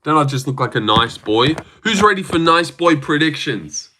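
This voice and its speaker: A man's voice: a little high, expressive, normal speed, bright, forceful tone, slight background noise. A young man hosting a casual livestream, teasing his chat with self-mocking banter. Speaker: livestream host.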